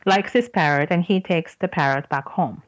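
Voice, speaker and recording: A woman's voice: on the low side, normal speed, no room sound, dull audio. A woman hosting a podcast who tells a joke in casual chat, laughing often and stopping to explain words. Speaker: podcast host.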